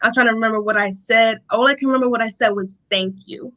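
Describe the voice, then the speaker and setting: A young woman from Rochester, New York, a guest telling a personal testimony in an interview, animated and often acting out what people said. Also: a little high, racing, rough recording. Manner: animated storytelling, acting out quotes, laughs often.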